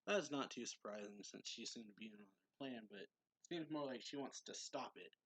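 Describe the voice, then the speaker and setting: A man's voice: medium pitch, a little fast, slightly rough, no echo, poor audio. A man retelling a manga chapter in a loose, casual way, with lots of fillers, and reading out characters' lines as he goes. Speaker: manga reviewer.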